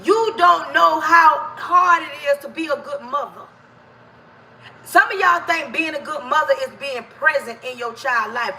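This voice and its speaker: High, bright-voiced woman preaching to viewers. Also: unhurried, recorded from a distance, slight background noise. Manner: emphatic, preachy, sometimes shouting at viewers; casual colloquial speech, addresses viewers as y'all and baby. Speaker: livestream host giving life advice. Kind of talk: motivational straight talk to viewers. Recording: echoey room, voice a bit off-mic.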